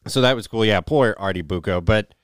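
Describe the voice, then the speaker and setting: A man co-hosting a podcast in casual chat, laid-back and quick to laugh, wired on coffee and swearing freely. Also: fairly low pitch, clean tone, no room sound, clean studio sound. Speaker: podcast co-host.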